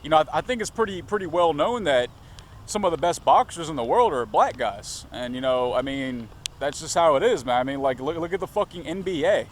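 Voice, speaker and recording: A man with a slightly higher-pitched voice talks straight into a camera on a city street. His vlog is profane and rambling, and he keeps wandering off topic. Faint traffic noise hums behind him. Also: lively intonation, fairly quick. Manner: profane, rambling, digresses often. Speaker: vlogger.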